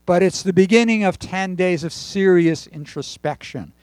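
A man leading a congregation, praying and then preaching conversationally with pauses and fillers. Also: sits high, darkish tone, no echo. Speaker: congregation leader. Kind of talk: sermon with prayer and joke.

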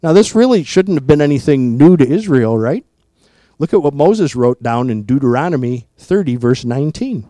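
A man preaching a sermon in a deliberate, emphatic way, often asking rhetorical questions. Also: medium pitch, animated, dark tone, no room sound.

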